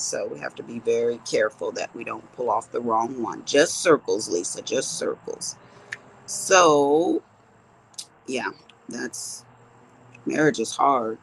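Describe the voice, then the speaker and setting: A low, gravelly woman's voice with a lot of rasp in it, belonging to a woman in her fifties. She chats and tells stories to her viewers as she works on a craft project. Her pitch swings widely from phrase to phrase. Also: expressive, slow pace, slight background noise, rough recording. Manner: chatty storyteller talking to viewers as she works. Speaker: crafting vlogger. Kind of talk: casual chat while crafting.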